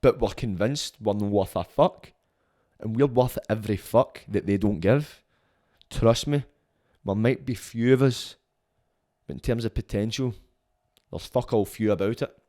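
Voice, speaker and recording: A man's voice: lowish voice, unhurried, long pauses, warm tone. A young man with a Glaswegian Scottish accent, hosting a podcast and delivering a passionate, sweary monologue. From Scotland. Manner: swears often, fired up, emphatic. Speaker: podcast host.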